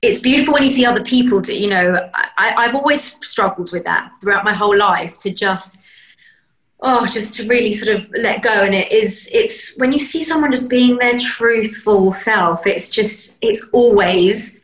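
A woman's voice: medium pitch, normal speed, fairly bright tone, reverberant, poor audio. A woman guest on a podcast, speaking in a reflective, open way and often searching for her words. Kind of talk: casual podcast conversation.

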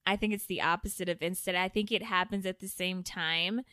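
Bright, clear-voiced woman chatting. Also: lowish voice, steady tone, fairly quick, no echo, clean studio sound. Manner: playful, makes up definitions with confidence. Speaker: podcast co-host. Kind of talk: casual chat among sisters.

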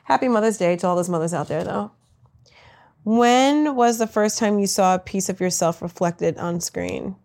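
Woman comedian, mid pitch, crude self-mocking jokes, quick-fire interview answers. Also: vocal fry, darkish tone. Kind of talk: comic answers to rapid-fire questions.

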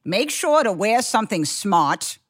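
A woman co-hosting a podcast with a dry, deadpan delivery. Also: mid-range voice, measured pace. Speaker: podcast co-host. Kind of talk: casual podcast chat.

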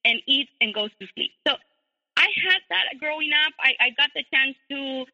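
A woman's voice: sits high, animated, normal speed, sharp tone. A woman guest telling her personal story, hesitant with many fillers. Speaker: interview guest. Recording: tinny phone line with long reverb.

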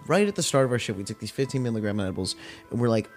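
A man's voice: medium pitch, racing, faint music behind. A young man hosting a podcast who tells stories in a loose, profanity-heavy rant and acts out the people he quotes. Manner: profane, animated retelling with acted-out quotes. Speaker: podcast host. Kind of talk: casual storytelling rant.

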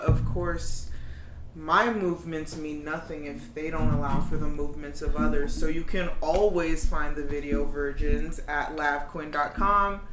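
A guest on a casual podcast, trading wry, drawn-out remarks that are full of swearing. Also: mid-range voice. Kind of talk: casual chat. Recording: echoey room with clear background noise.

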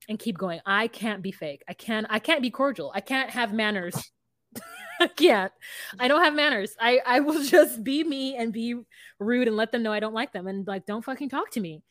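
A woman co-hosting a podcast in loose casual chat, blunt and quick to swear. Her voice sits in a middle pitch, and the close mic gives a dry, intimate sound with no room around it. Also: dry recording. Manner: blunt, profane and animated, often laughing. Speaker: podcast co-host.

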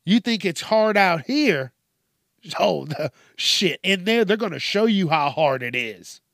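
A man's voice: high-pitched, animated, unhurried, vocal fry, a bit bright, dry recording, clean studio sound, exaggerated voice. A man voicing a blunt female judge who gives a brusque, matter-of-fact warning.

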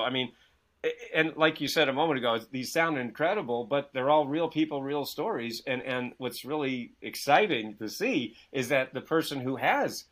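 A man guesting as an author and success coach on a video call, telling stories with lots of "you know" and acting out the dialogue in them. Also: medium pitch. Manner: energetic storyteller who acts out quoted dialogue; many fillers, "you know". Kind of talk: animated interview talk.

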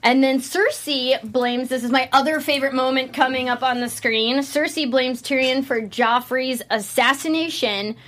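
A woman co-hosting a casual podcast, recapping a TV series with animated enthusiasm. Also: sits high, moderate pace, hardly any pauses. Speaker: podcast co-host.

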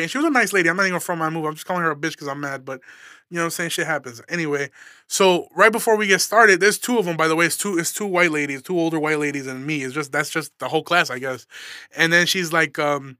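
A man's voice: fairly high pitch, rapid-fire, bright, forceful tone, no echo, studio quality. A young man from Illinois, a stand-up comedian hosting his podcast, telling a story in a casual, profane, fired-up rant. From Aurora, Illinois, USA.

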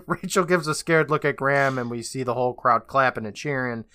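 Bright-voiced man recapping an episode. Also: medium pitch, fairly quick, no echo. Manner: loose, profane, sarcastic retelling. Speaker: podcast host.

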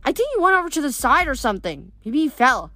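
Woman voicing a brash, fast-talking teenage girl. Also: sits high, very animated, a bit bright, no echo, voice pushed up. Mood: rapid-fire. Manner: fast, blunt, exasperated questioning. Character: brash, chatty teenage girl, rapid-fire questioner.

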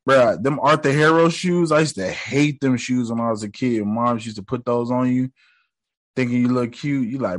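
A man's voice: medium pitch, moderate pace, dry recording. A young man giving a casual, joking recap of a show episode, full of slang and profanity.

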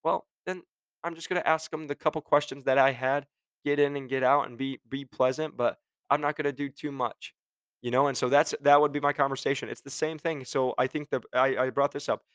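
A man's voice: mid-range voice, steady tone, a little fast, fairly bright tone, smooth, dry recording. A young man who works in medical device sales, talking casually and with passion as he gives career advice and acts out his phone calls. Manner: admits he gets passionate and curses.

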